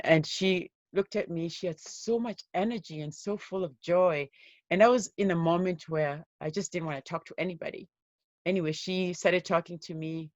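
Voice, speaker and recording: Woman guest telling her own story, earnest and steady, kinda dull dry audio. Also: deep voice, no echo. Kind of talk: personal story told in an interview.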